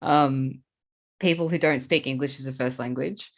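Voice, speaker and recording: A woman's voice: extremely low pitch, steady tone, moderate pace. A woman with an Australian accent, a guest in a casual spiritual interview, talking in a bubbly way, laughing often and swearing freely. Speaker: guest, psychic channel.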